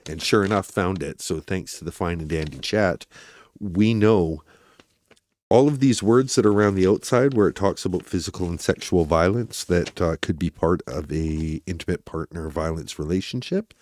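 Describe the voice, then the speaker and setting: Deep-voiced man hosting a chatty stream. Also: normal speed, a little mellow. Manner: chatty and rambling, talks to his chat. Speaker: true crime livestream host. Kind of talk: casual livestream commentary.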